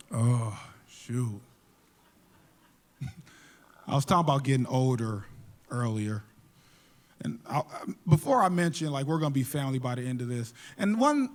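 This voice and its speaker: A young adult man performing a stand-up comedy set on a theater stage, telling animated, jokey stories. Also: a little high.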